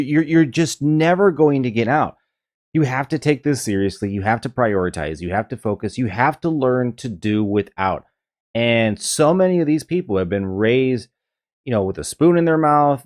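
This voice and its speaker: A man's voice: mid-range voice, a little mellow. A man giving reaction commentary, lecturing in an emphatic way.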